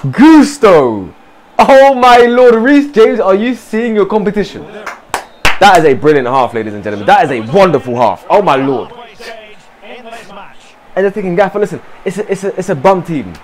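A man talks over his football game, urging his players on and reacting loudly to every chance. His voice sits fairly high and swings widely in pitch. Between matches he slips into a mock press-conference manner, answering as the team's manager. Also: normal speed, slight background noise. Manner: animated, shouts encouragement at players. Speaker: gaming streamer. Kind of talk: excited gameplay commentary.

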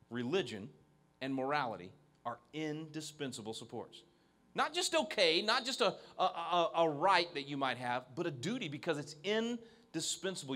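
At an event venue, a male keynote speaker addresses an evening audience through a handheld microphone. His voice is high and fairly bright, and he speaks with emphasis, restarting often.

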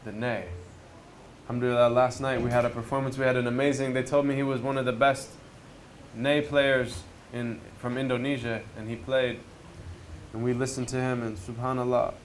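At a retreat outdoors near a river, a man gives a reflective spiritual talk, telling stories conversationally and posing rhetorical questions to his listeners. His mid-range voice is level in tone and normal in speed, with slight background noise.

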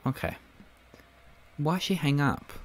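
A man's voice: a little high, takes it slowly. A man giving casual let's-play commentary, thinking aloud and swearing now and then. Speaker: gaming video host.

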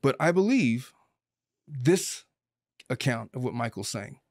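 A man's voice: medium pitch, lively intonation, takes it slowly, a little mellow, no echo, clean studio sound. A man hosting a podcast as a lawyer, talking through a case in a blunt, opinionated and emphatic way. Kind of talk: casual legal commentary chat.

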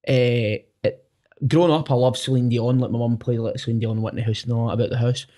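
A man's voice: mid-range voice, steady tone, a little fast, mellow. Chatty swearing Glaswegian young man. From Scotland. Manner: swears freely, acts out quotes, keeps asking "do you know what I mean". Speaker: podcast guest, singer. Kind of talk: casual storytelling chat.

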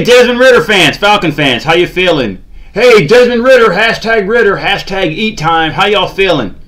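A man's voice: sits high, a bit bright. A man ranting about his team's loss, exasperated and sarcastic, groaning and mocking. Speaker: sports channel host. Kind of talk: ranting fan commentary.

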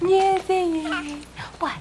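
A woman's voice: very high-pitched, steady tone, slow. A mother coos at her baby in sing-song baby talk on a home video. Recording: hissy home camcorder tape.

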